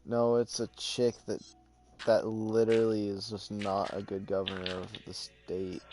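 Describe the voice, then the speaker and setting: Low, mellow-voiced man teasing his friend. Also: completely flat delivery, a little slow, faint music behind. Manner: playful, teasing, goofy. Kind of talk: casual gaming chat.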